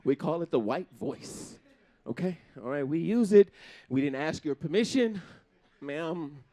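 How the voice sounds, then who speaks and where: A man doing live stand-up comedy on a stage before an audience, talking in an animated way, laughing between jokes and slipping into funny put-on voices. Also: on the high side, measured pace.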